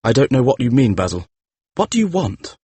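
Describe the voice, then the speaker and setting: A man's voice: medium pitch, very animated, brisk, dark tone, breathy edge, dry recording. A man playing a vain, defiant young man. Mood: cold. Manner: defiant, emphatic outbursts. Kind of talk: audiobook drama reading.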